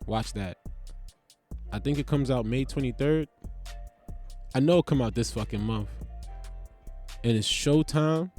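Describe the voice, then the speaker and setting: A man's voice: medium pitch, darkish tone. A young man hosting a podcast in loose, profane, rambling casual chat that jumps from topic to topic. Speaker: podcast host.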